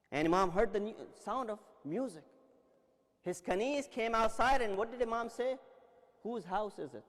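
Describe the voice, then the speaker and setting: A male preacher giving a religious lecture, telling stories dramatically and acting out the dialogue. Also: high voice. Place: large Islamic center hall. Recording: long reverb in a large hall.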